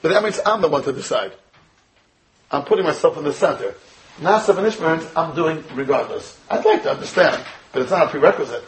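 A man's voice: on the high side, expressive, a little fast, a little hiss or hum, poor audio. An American man teaching a Torah class as a rabbi, firing rhetorical questions at his students and weaving in Hebrew and Yiddish terms. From United States. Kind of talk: Torah lecture.

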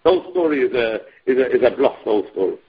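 A man preaching a story with animated delivery and frequent restarts, in a dull lo-fi recording. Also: very fast, slightly rough. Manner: animated, sweeping pitch, restarts. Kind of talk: storytelling sermon.

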